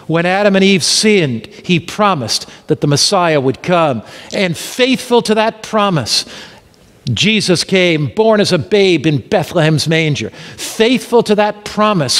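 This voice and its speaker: A man preaching an evangelistic sermon, emphatic and full of rhetorical questions, dropping to a hush and then rising again. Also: high voice. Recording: reverberant hall.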